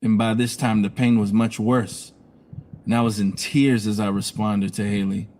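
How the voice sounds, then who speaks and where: A man's voice: fairly low pitch, fairly even intonation, moderate pace, a little mellow. A man telling his own story on a live stream in a candid, emotional way, blunt and profane at times.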